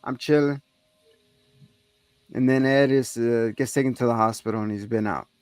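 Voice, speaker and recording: A man's voice: mid-range voice, steady tone, normal speed, darkish tone, clean tone, no room sound. A man hosting a podcast, casually recapping a movie scene by scene, swearing freely and acting out the characters' lines in a raised voice. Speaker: podcast co-host.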